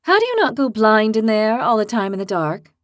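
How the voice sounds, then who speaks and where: A woman's voice: a little high, sing-song, brisk, no room sound, studio quality. A woman voicing a hot-tempered young horned woman who speaks bluntly and sarcastically. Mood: brisk.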